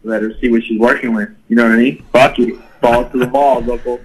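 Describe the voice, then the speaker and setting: A man's voice: mid-range voice, steady tone, a little fast, husky, low-quality recording. A man telling a crude, profane party story in casual talk, full of swearing and laughter. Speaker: guest storyteller.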